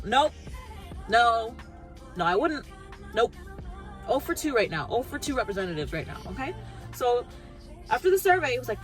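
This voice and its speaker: A high-voiced woman telling a story to her vlog audience as a casual rant. She acts out each back-and-forth, playing both herself and the people she dealt with. Faint music plays underneath. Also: normal speed, long pauses. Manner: animated, acts out both sides of conversations. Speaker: vlogger.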